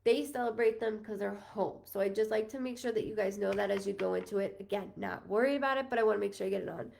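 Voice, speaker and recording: Gravelly-voiced chatty woman in her thirties. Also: mid-range voice, fast talker, darkish tone, slight background noise. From New York, USA. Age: 30s. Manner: chatty, rambling, apologetic and emotional. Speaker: psychic medium. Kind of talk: live-streamed reading.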